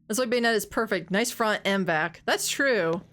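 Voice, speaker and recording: A woman's voice: mid-range voice, normal speed, fairly bright tone, slight background noise. Giggly, rambling young woman streamer. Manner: rambling, giggly, lots of fillers. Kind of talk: casual gaming commentary.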